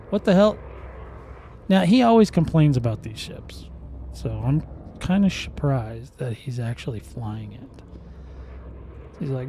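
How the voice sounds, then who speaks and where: With slight background noise in the clip, a man whose voice is a little high comments live on his gameplay. Running a gaming channel, he keeps things playful and joking, even vocalizing gun sounds himself.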